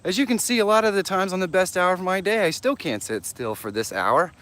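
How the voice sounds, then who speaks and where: A man hosting a live stream, casually chatting and excitedly greeting viewers by name while walking outdoors, a little out of breath. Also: a little fast. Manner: enthusiastic, greets viewers by name, jumps in pitch. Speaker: livestream host.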